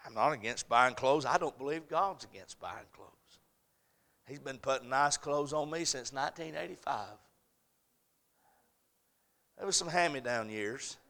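A male pastor preaching a sermon, folksy and humorous, swinging from quiet asides to shouted preaching. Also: medium pitch, lively intonation, measured pace, pauses often.

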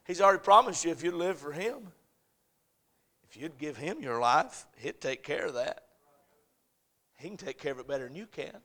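A male pastor preaching a sermon, folksy and humorous, swinging from quiet asides to shouted preaching. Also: a little high, expressive, normal speed, long pauses.

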